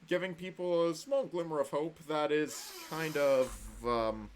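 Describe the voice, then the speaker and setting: A man's voice: on the high side, a little slow, hardly any pauses, clean tone. A man vlogging in a casual, rambling monologue, sardonic and full of swearing.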